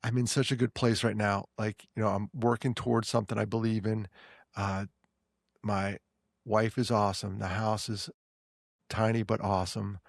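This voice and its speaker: A man with a New York accent, co-hosting a podcast and telling stories in casual, animated chat full of quick restarts. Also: lowish voice, vocal fry, no room sound, studio quality. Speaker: podcast co-host.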